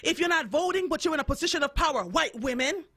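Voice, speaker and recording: A woman's voice: sits high, lively intonation, quick pace, sharp tone. A woman from Jamaica hosting a radio show, giving an impassioned, emphatic monologue and repeating points for emphasis. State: fed up. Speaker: radio host.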